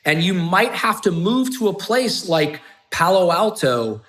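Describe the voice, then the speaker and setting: A man's voice: sits high, very animated, measured pace, a bit bright. Blunt, swearing middle-aged man telling stories. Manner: blunt, frequent swearing, emphatic. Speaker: podcast guest, entrepreneur. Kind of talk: candid storytelling.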